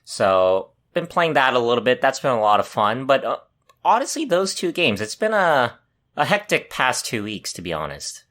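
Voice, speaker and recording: A man co-hosting a casual gaming podcast, relaxed and measured, often pausing on fillers. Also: medium pitch. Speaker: podcast co-host.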